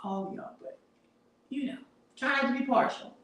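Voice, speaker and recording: A woman's voice: high voice, unhurried, a bit bright, slight background noise. A middle-aged woman hosts a casual livestream, chatting, laughing often and reading viewer comments aloud. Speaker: livestream host. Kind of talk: casual live-stream chat. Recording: very echoey room, voice far from mic.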